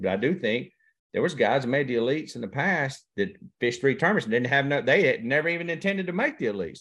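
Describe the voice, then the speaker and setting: A man, a professional angler telling stories in a casual interview chat. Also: mid-range voice. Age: 50s. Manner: folksy storyteller, drawling, quotes others in conversation. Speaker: guest angler.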